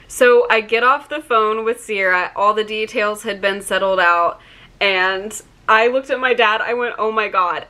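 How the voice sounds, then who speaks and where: Bright-voiced young woman telling a story. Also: medium pitch, clean tone. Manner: chatty, many "like" fillers, gets choked up. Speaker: vlogger. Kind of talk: emotional personal storytelling.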